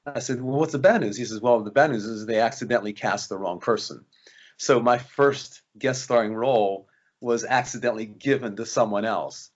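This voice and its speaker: A man's voice: mid-range voice, moderate pace, muffled recording. A man, an actor guest, telling anecdotes in a casual interview and acting out the voices of people he quotes. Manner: animated, acts out quoted voices.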